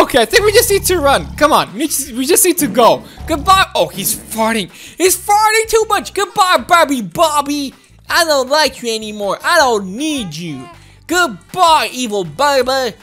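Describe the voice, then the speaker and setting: A woman giving excitable, exclaiming commentary while playing a video game, with faint game music behind her. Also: high-pitched, normal speed. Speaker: gaming video host.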